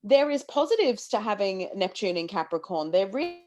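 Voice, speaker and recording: A woman in her thirties, a podcast co-host, talking in a lively, casual way with lots of restarts and the odd swear word. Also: medium pitch, moderate pace. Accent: Australian. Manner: animated, swearing, many restarts. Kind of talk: casual astrology chat.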